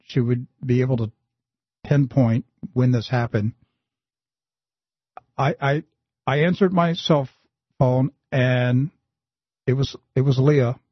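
A man hosting a Christian talk show, telling a story in an animated way and often pushing his voice up high for emphasis. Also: husky, no echo, dull audio. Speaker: host.

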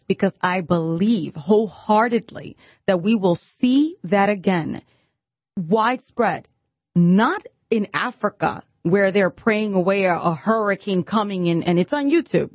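A woman guest on a Christian talk show speaks with earnest conviction at a middle pitch. Her voice comes through dry and slightly muffled. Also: animated, measured pace, dry recording.

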